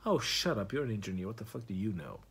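A man voicing a gloomy, self-pitying male moth who turns crude and rude, with a husky voice. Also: fairly low pitch, very animated, fast, fairly bright tone, pitched below the performer's own voice, exaggerated voice. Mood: snappy.

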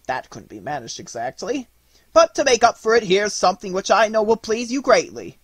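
A man voicing an eccentric old male godfather and clockmaker, playful and jumping into high exclamations. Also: sing-song, brisk, husky, dry recording, full character voice. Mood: teasing.

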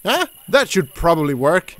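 A man commentating his horror gameplay casually, jumpy and swearing, shouting at the game character. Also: fairly high pitch, big pitch swings, moderate pace. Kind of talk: casual let's play commentary.

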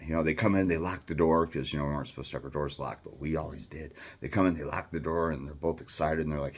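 A man in his fifties telling a rambling personal story in a casual way, swearing freely and filling pauses with "you know" and "uh". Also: extremely low pitch. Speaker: storyteller recounting his past.

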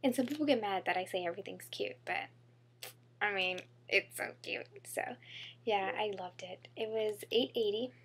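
A woman's voice: medium pitch, moderate pace, slight background noise. A young woman chatting casually to camera in a haul vlog, bubbly and chatty, full of fillers and gushing about how cute things are. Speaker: beauty vlogger.

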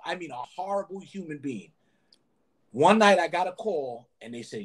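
Animated, husky-voiced ex-bouncer man. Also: a little high, normal speed. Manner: animated storyteller who keeps adding "man". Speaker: former nightclub bouncer. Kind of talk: storytelling in a podcast interview.

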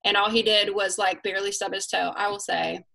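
A woman hosting a casual live chat, candid and self-mocking, getting animated when she quotes herself. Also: medium pitch, brisk, vocal fry, low-quality recording. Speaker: host.

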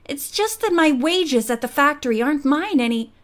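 A troubled young woman from a storybook mystery, fearful and withdrawn. A woman reads her in a subdued, unhappy voice that stays high. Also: expressive, normal speed. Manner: subdued, miserable speech.

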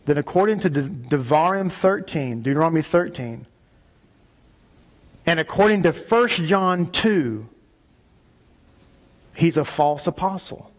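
A man preaching a sermon in a synagogue, arguing emphatically and rising to loud peaks on key points. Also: on the high side, animated, unhurried, pauses often. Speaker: rabbi.

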